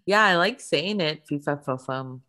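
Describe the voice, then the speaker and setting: A woman's voice: low-pitched, animated, normal speed, pushed and bright. A woman in casual chat, easygoing and giggly.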